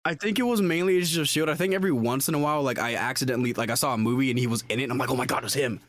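Young male co-host, casual podcast banter, excitable and rambling, average pitch, stumbles through his points with lots of fillers. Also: rapid-fire, dry recording, clean studio sound. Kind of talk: casual chat.

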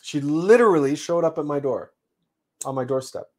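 A man hosting a livestream, telling a personal story in an unhurried, reflective way with frequent restarts. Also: fairly high pitch, expressive. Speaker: livestream host.

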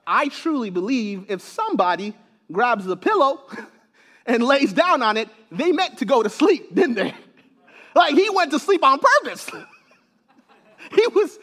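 Male pastor, very high voice, animated sermon delivery, stumbles and repeats words. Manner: animated, repeats words, laughs between points.

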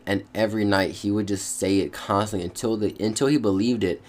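A man's voice: lowish voice, fairly even intonation, fairly quick. A young man talking to the camera in a loose, slangy monologue, full of fillers and restarts. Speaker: vlogger. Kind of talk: casual rambling monologue.

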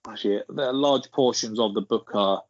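Laughing along with his own rambling anecdote, a man talks casually on a podcast. He speaks in a low voice at a moderate pace, recorded with dull lo-fi sound and no room sound.

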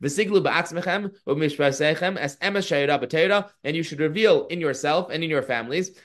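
A man teaching a podcast lesson, reading Hebrew and Aramaic lines and translating them with lively storytelling. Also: fairly high pitch, fairly quick. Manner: lively storytelling of the Talmud passage. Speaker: Torah teacher.

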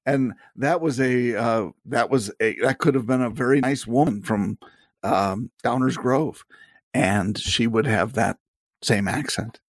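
A man's voice: medium pitch, unhurried, dry recording, clean studio sound. Wry teasing man on a podcast. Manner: wry, teasing, laughs often. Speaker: podcast co-host. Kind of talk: casual banter.

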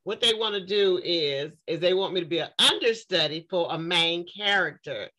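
A woman, telling her story casually in conversation, lively and acting out what people said. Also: moderate pace, low-quality recording. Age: 50s. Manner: animated, acts out quoted exchanges with big swings in pitch. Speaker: guest speaker and advocate.

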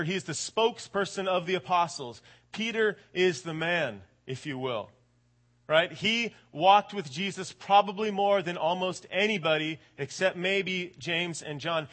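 A man in his late twenties preaching a sermon in an animated, colloquial way, often checking in with the audience. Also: sits high. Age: late 20s. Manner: animated, colloquial, keeps asking "right?".

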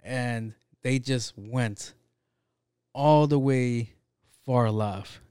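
A man's voice: medium pitch, very slow, mellow, smooth, no room sound, studio quality. A man talking in a loose, rambling monologue, swearing often and leaning on fillers. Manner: profane, rambling, with frequent fillers.

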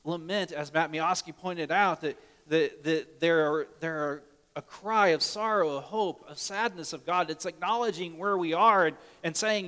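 A man preaching a sermon earnestly, swinging between loud urgent lines and hushed soft ones, often repeating words as he restarts. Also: a little high, normal speed, long reverb tail. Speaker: pastor.

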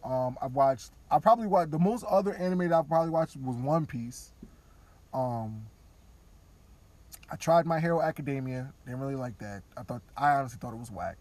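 A man podcasting, talking candidly and casually, now and then dropping into quiet mock voices of others. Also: mid-range voice, moderate pace. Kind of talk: casual opinion talk.

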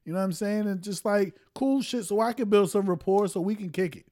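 Podcast co-host, male, fairly high voice, blunt profane talk. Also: brisk, darkish tone. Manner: blunt, profane, says bruh often. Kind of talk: casual chat.

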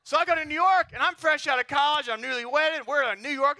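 High bright-voiced preacher man. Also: quick pace, dry recording, studio quality. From Texas. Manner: animated, chatty, keeps asking the crowd "right?". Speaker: pastor. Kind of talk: sermon.

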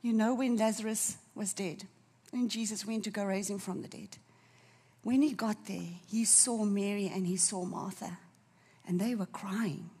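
A woman preaching a sermon, fervent and emotional, dropping to a soft near-whisper at tender moments. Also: mid-range voice, fairly even intonation, moderate pace, breathy edge.

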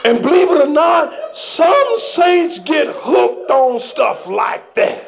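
A man a sermon with shouting, call-and-response delivery. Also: very high-pitched, animated, slow pace, creaky, music in the background. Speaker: preacher. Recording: dull lo-fi recording.

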